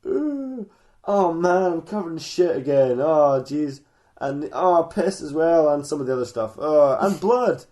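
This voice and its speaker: A man's voice: on the high side, quick pace, few pauses, mellow, natural voice. A man voicing a whiny, filth-covered boy who is close to tears and squeals his complaints.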